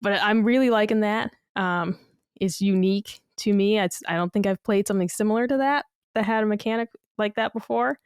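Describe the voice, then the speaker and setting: Smooth-voiced woman, chatty podcast rambler. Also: medium pitch, fairly quick, no room sound, studio quality. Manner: rambling, filler-heavy, laughs and swears casually. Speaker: podcast co-host. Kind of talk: casual gaming podcast chat.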